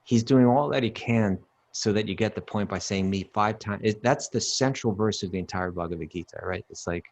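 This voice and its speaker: A man with a very low, deep voice leads a relaxed scripture discussion. He talks emphatically, circles back on his words, and breaks into chanted Sanskrit verses. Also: brisk. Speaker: podcast co-host teaching scripture. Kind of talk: casual teaching talk.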